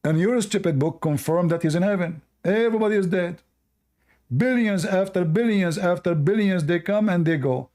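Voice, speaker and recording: A man's voice: high voice, normal speed, a little mellow. A man hosting a live call-in debate, mocking and scornful toward the caller. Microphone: online call.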